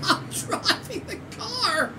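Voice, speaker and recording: A woman from Canada hosting a gaming channel, giving excitable let's-play commentary with squeals, shouts and laughter. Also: extremely high pitch, takes it slowly. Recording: distant mic with loud game noise.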